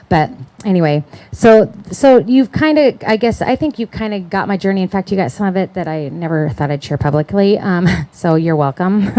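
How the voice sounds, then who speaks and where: A middle-aged woman speaks to a gathering indoors, sharing her testimony in a lively, story-driven way. Her voice sits a little low for a woman, and she slips into quoted voices as she tells it. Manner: animated storytelling with acted-out quotes and laughs. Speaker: conference speaker. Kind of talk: personal testimony talk. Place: indoor event hall.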